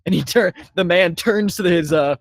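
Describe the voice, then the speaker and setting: A man narrating as dungeon master, halting with many fillers and restarts. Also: high-pitched, dry recording. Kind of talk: narrating a tabletop game.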